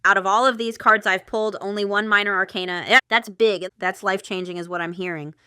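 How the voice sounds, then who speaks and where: Tarot reader woman, smooth clear tone, bright; talks casually, excitable, full of fillers. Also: medium pitch, fairly quick, dry recording, clean studio sound. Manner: chatty, excitable, thinks aloud with many fillers. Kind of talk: casual tarot reading monologue.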